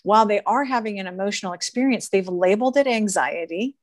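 A woman's voice: mid-range voice, fast talker, dry recording. Woman, earnest, emphatic, laughs as she talks, casual coaching chat, dry close sound. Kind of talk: casual podcast conversation.

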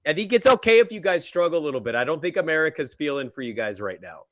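A young man co-hosting a sports podcast, teasing and joking in casual, energetic chat. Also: on the high side, quick pace, background noise. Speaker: podcast co-host.

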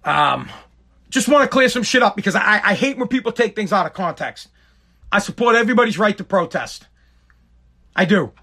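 A man's voice: high-pitched, animated, moderate pace, pauses often, bright, forceful tone. A man hosting a podcast, giving a heated, profane, emphatic rant. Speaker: podcast host.

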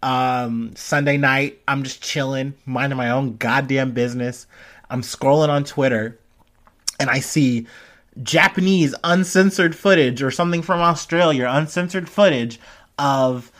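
A young man talks through current events in a relaxed, rambling way. He fills his sentences with "um" and "like" and swears casually. His voice sits at a middle pitch. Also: a little slow. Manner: casual, profane, rambling with many fillers. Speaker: commentary host. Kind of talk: casual news commentary.

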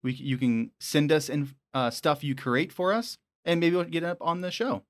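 A man co-hosting a casual podcast, talking in a relaxed, laid-back way. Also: a little high, normal speed. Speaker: podcast co-host. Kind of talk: casual chat.

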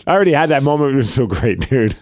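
A man co-hosting a podcast in casual chat, an animated storyteller who laughs often. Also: medium pitch, fast talker, no room sound. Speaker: podcast co-host.

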